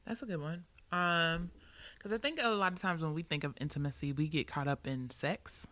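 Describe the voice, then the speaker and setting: A woman's voice: sits low, normal speed, a bit bright, no echo. A woman co-hosting a casual faith podcast, talking playfully and laughing often. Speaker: podcast co-host.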